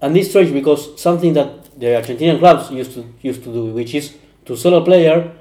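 Guy on a footy podcast, warm low-key tone, echoey room, lots of uhs. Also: brisk. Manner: hesitant, searches for words. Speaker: podcast panelist. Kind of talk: casual football chat.

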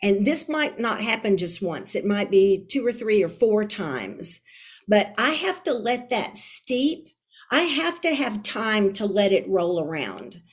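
A woman's voice: medium pitch, very animated, measured pace, husky. A woman Bible teacher and speaker talking as a podcast guest in an earnest, emphatic way, often repeating and restarting her phrases. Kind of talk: casual interview conversation.

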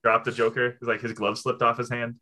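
A man's voice: mid-range voice, flat delivery, fast, bright, forceful tone. A man chatting casually about a movie, easygoing and laughing often.

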